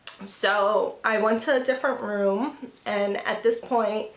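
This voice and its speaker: A young woman tells a hard personal story in a halting, emotional way, full of "like" and false starts. Her voice sits at a middle pitch, and she clears her throat or coughs from time to time. The room around her is echoey. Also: fairly even intonation. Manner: halting, full of "like" and restarts, near tears at times. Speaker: vlogger.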